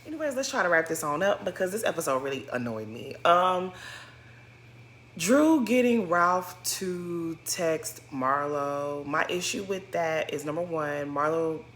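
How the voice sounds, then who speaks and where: A young woman talks straight at the camera in a bright, clear voice. Her reality-show recap is sassy and blunt, and she sounds fed up with the cast. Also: lowish voice, a little hiss or hum. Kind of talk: casual commentary.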